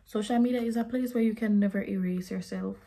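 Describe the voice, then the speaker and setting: A woman's voice: fairly high pitch, fast, dark tone, slightly rough. A young woman chatting bluntly while doing her makeup, slipping into patois now and then. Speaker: beauty vlogger.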